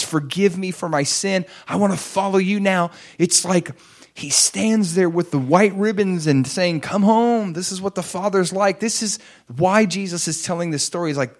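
Man preaching a sermon story. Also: fairly high pitch. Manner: acts out quoted voices, swings between hushed and raised. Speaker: pastor.

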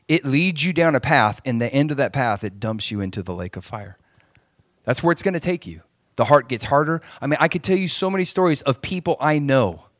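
Preaching man, hushed to emphatic. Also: a little high, dry recording, studio quality. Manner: animated preaching, swinging between hushed and emphatic; asks the crowd for agreement often. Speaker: pastor. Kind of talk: sermon.

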